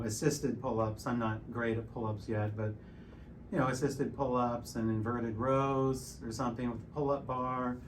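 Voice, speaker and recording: A man's voice: mid-range voice, distant mic, slight background noise. A man in his sixties giving a casual, plain talk while he works out, explaining with frequent fillers. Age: 60s. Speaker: fitness vlogger.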